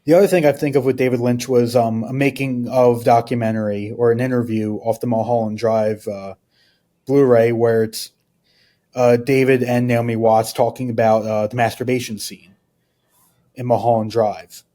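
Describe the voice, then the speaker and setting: A man's voice: mid-range voice, level tone, moderate pace, dark tone. A man, a guest on a podcast, telling personal stories in a rambling, casual way. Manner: rambling, uses many fillers.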